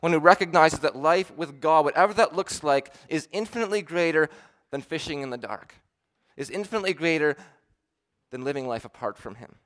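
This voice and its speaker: Here a male pastor preaches briskly, shifting from strong declarations to hushed murmurs. He performs quoted voices, raising his pitch as he does.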